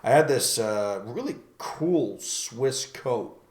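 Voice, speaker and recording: An easygoing man hosting a casual podcast, chatty and quick to laugh. His voice sits at an average pitch and has a roomy echo around it. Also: animated, a little mellow. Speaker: podcast host. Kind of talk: casual chat.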